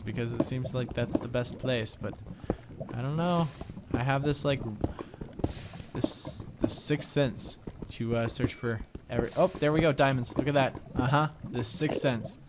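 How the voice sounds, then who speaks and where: A young man telling rambling stories while commenting on a video game he is playing, with lots of fillers. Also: mid-range voice. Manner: rambling storytelling with many fillers. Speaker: let's play commentator. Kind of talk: casual gameplay commentary. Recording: home recording with audible background noise. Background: clicking sounds.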